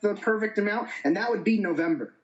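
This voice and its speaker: A man's voice: high-pitched, fast talker, muffled recording. A man co-hosting a casual podcast chat, speaking hesitantly with many restarts. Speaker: podcast co-host.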